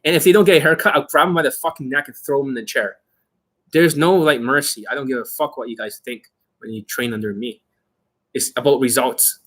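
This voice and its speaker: A man's voice: mid-range voice, brisk, a bit bright. A man hosting an unscripted coaching Q&A, talking in a blunt, aggressive and profane way. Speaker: dating coach host.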